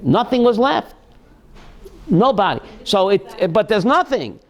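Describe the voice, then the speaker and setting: A rabbi hosting a call-in show tells a dramatic story in a high, emphatic voice. He repeats his key phrases again and again, with his pace surging and slowing. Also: big pitch swings. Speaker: rabbi and radio host.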